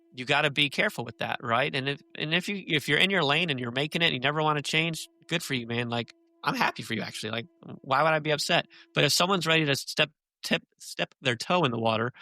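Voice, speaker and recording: A man, a podcast guest, talking casually and telling animated stories. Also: a little high, no room sound. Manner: chatty storyteller, animated and laughing.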